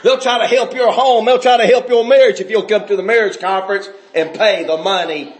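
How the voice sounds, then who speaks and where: A man preaching a fiery sermon, shouting one moment and dropping low the next. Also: steady tone, fairly quick, reverberant. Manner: shouting, swinging between loud outbursts and low, quiet stretches.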